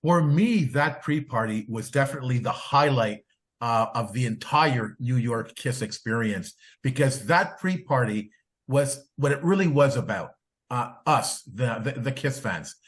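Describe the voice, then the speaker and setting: A man hosting a podcast in casual chat, excitable, his voice climbing when he gets going. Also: medium pitch, measured pace. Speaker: podcast host.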